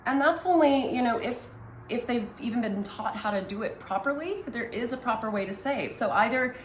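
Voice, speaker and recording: A woman's voice: fairly high pitch, expressive, normal speed. Woman coaching money at a whiteboard. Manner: conversational, drawing as she explains, many fillers. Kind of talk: whiteboard financial talk. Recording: echoey room, faint ambient noise.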